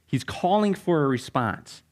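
A pastor preaches a sermon a little slowly, reading scripture and praying before he teaches. His animated rhetorical questions leap up in pitch.

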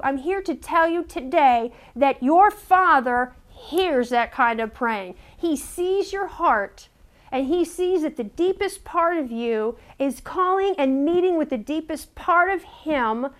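A woman with a high voice preaches an earnest sermon. She stumbles over repeated words as she builds her point and turns to her listeners with direct questions.

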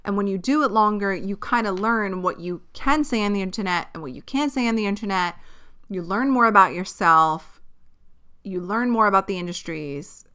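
A young woman hosting her own podcast, venting bluntly and profanely in a casual, animated way. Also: mid-range voice, moderate pace, clear, resonant tone. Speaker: podcast host. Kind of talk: casual solo podcast rant.

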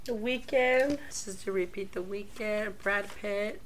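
A woman's voice: mid-range voice, slow. A woman co-hosting a casual podcast chat, scattered and hesitant, swearing as she thinks aloud. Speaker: podcast co-host. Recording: harsh mic, faint room noise.

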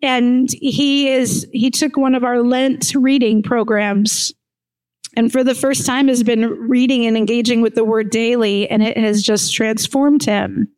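A woman's voice: a little high, little pitch movement, a little slow, clear, resonant tone, rough recording. A woman pastor, preaching a conversational sermon with frequent laughter. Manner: warm, laughing often, conversational.

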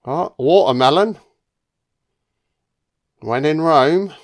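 A man's voice: fairly high pitch, takes it slowly. A man giving casual, sardonic film commentary full of swearing and jokey asides.

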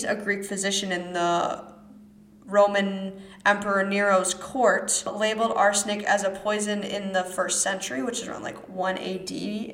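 A woman's voice: mid-range voice, a bit bright, roomy sound. A young woman from Wisconsin with a Midwestern American accent, hosting a casual true-crime podcast with many fillers and offhand asides. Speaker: podcast host.

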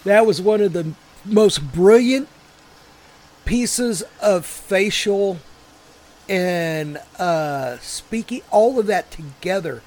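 A man's voice: sits high, expressive, slow pace, darkish tone. A man co-hosting a podcast, rambling through casual banter and swearing as he retells movie scenes. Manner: rambling, swears, quotes movie lines in funny voices. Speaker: podcast co-host.

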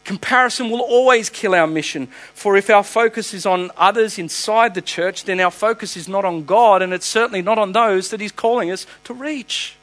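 An Australian man preaches a sermon from a church stage. His voice sits a touch higher than most men's, and he drives his points home with repetition, stopping and restarting as he goes. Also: normal speed, few pauses, a bit bright, low-quality recording. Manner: emphatic preaching with repeated phrases and restarts. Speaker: pastor.

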